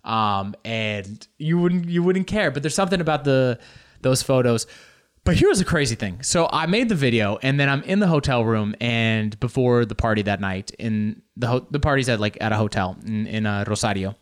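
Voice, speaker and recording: A male stand-up comedian telling a story with animated bursts of mock outrage. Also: mid-range voice, normal speed.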